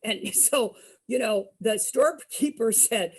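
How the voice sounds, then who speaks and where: A woman's voice: a little high, slow pace, slightly rough. A woman entertainer telling a spooky story to an audience dramatically, asking them questions as she goes.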